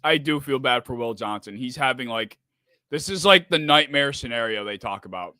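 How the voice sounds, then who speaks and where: A man's voice: mid-range voice, animated, normal speed, pushed and bright, dry recording, clean studio sound. A man hosting a live sports reaction stream, rambling and swearing in frustration. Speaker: streamer host.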